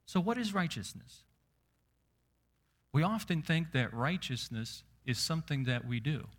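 Emphatic preacher with a forceful voice. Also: male voice, on the high side, sing-song. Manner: emphatic, slows down on key words, asks the crowd questions. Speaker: pastor. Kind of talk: sermon.

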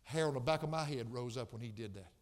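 A man preaching a sermon as pastor, swinging from soft, low passages to loud, impassioned outbursts. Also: quick pace, big-room sound.

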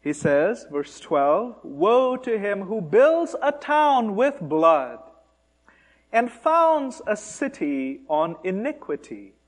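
Male preacher, high and very expressive voice, slow deliberate delivery, animated and mocking. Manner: animated, mocking emphasis on taunts, rhetorical questions. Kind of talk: sermon.

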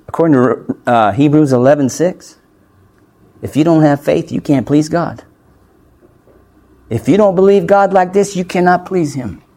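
A man's voice: fairly high pitch, a little mellow. A man preaching a sermon as pastor, emphatic and often turning to the congregation with questions.

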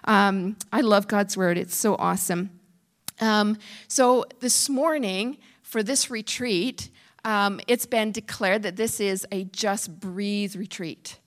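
A woman preaching at a retreat, earnest and emphatic, sometimes dropping to a hushed voice. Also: mid-range voice, steady tone, slow pace. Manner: earnest, emphatic, drops to a hush for prayer. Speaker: retreat speaker. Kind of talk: sermon.

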